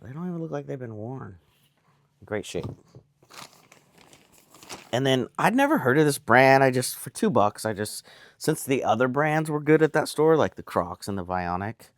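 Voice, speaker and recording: Chatty low-voiced man showing thrift finds. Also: no room sound, clean studio sound. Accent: American. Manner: chatty, rambling, self-amused. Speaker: reseller showing a haul. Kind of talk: casual vlog talk. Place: home indoors.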